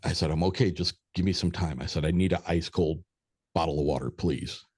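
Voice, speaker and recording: A man's voice: sits low, brisk, a little mellow, husky, dry recording, studio quality. A middle-aged man, a podcast guest, telling a long story in a rambling, hesitant way with some swearing. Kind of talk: casual storytelling.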